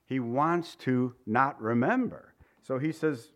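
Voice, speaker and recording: A man's voice: medium pitch, takes it slowly. A man preaching a sermon, telling stories with chuckles and acting out the voices of the people in them. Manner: animated storytelling with chuckles and acted-out voices.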